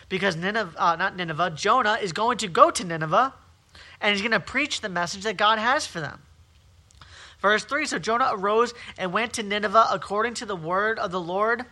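A man with a high voice preaches with hammering repetition. His tone is piercingly bright and tense. He drives each point home in waves of emphasis. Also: brisk. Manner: emphatic, repetitive preaching with rising and falling intensity. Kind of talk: sermon.

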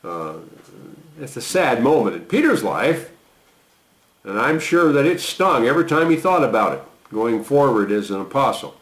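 Male preacher, sermon, mid-pitched voice, reads scripture with raised voice, low reflective asides, roomy echo. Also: sing-song, normal speed. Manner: lifts voice to read quoted lines, drops low for reflection; conversational asides with fillers. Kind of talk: sermon reading and explaining scripture.

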